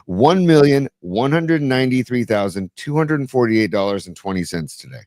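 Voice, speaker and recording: Regular-pitched guy, upbeat sports podcast cohost, dry mic. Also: animated, moderate pace, a little mellow, dry recording. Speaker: podcast co-host. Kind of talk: casual sports podcast chat.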